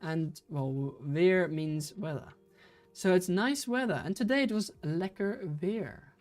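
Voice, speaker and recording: Low-voiced woman hosting a chatty livestream. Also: slow, a little mellow, faint music behind. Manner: chatty, giggly, trips over words. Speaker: livestream host running a quiz. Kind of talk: casual live-stream chat.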